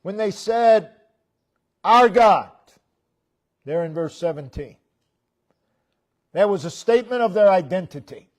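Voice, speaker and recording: A man preaching a sermon in a church, repeating key phrases with emphasis and letting his line endings fall low and soft. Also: lively intonation, normal speed, pauses often.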